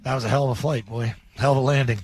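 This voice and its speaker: A man co-hosting sports radio who tells stories in a loose, animated way. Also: mid-range voice, racing, a little hiss or hum. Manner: animated storyteller. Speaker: radio co-host and former player. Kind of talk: casual sports radio banter.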